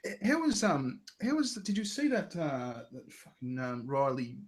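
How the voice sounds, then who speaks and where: A man's voice: a little high, sing-song, normal speed, breathy edge. A man in casual, profane chat, blunt and indignant, often stumbling over repeated words. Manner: blunt, indignant, stammering restarts.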